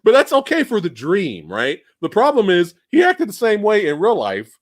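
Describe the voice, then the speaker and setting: A high-voiced man chats about a film on a live stream, his pitch leaping all over as he acts out scenes and yells the lines. The sound is close and dry, with no room around it. He swears freely and laughs through his retellings. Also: normal speed, no echo. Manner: animated, swearing, acts out scenes with shouted quotes. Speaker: podcast host. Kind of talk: casual movie review chat.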